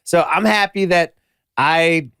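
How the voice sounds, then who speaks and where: A man's voice: a little high, slow, fairly bright tone, smooth, no echo, studio quality. A man who is a musician and a podcast guest, talking loosely and candidly in a casual chat.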